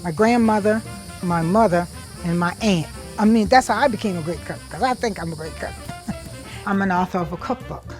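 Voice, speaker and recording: A woman's voice: medium pitch, normal speed, darkish tone, faint music behind. A woman from South Carolina with a Gullah Geechee accent, a chef and cookbook author talking casually and proudly while she cooks outdoors at a family cookout. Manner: homey, proud, explains as she works. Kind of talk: casual talk while cooking.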